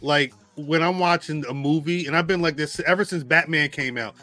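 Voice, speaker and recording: A man's voice: on the high side, normal speed, bright, forceful tone, faint music behind. A man co-hosting a podcast in casual chat, geeky and talkative, laughing often. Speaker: podcast co-host.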